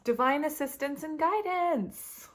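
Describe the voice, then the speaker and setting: A woman doing a casual tarot reading for her viewers, excitable and laughing often as she talks straight to them. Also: high-pitched, measured pace. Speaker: tarot reader.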